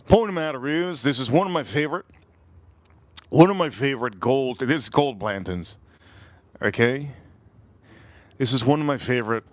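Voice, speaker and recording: A man's voice: medium pitch, animated, normal speed, long pauses, dry recording. Rambling man hosting a live stream. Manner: rambling, repeats himself, talks to the chat. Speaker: livestream host.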